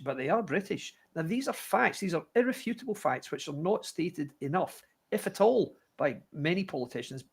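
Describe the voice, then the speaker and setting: A man's voice: medium pitch, gravelly, husky. A man giving emphatic, declamatory political commentary on a livestream. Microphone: livestream video call.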